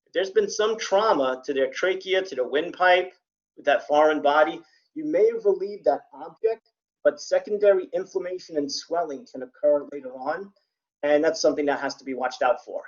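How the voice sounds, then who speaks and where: Male CPR instructor, plain-spoken lecture with dry humor, a bit high-pitched, muffled lo-fi audio. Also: normal speed. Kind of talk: classroom lecture. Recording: dull lo-fi recording.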